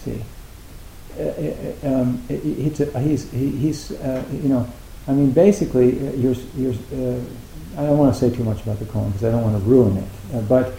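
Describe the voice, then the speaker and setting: A man's voice: medium pitch, gravelly, mellow, a little hiss or hum. A man giving an informal Zen talk to retreat students, rambling with many fillers and restarts. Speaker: Zen teacher. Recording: echoey room.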